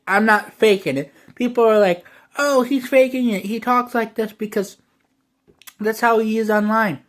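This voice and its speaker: A man's voice: high voice, a bit bright. A man delivering a rambling, profane monologue to his viewers, playing up a brash, exaggerated online persona. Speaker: online video creator.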